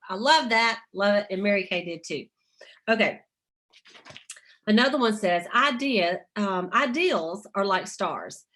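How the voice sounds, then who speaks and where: A woman's voice: mid-range voice, fairly bright tone. A middle-aged woman leading a motivational sales team call, chatty, laughing often and reading inspirational quotes aloud.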